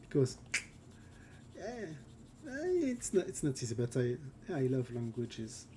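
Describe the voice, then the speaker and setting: A man's voice: medium pitch, wildly swooping pitch, takes it slowly, dark tone, slight background noise. A man with a French accent chatting casually while drawing on a live stream. He halts, searches for English words and laughs often. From France. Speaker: concept artist streaming live.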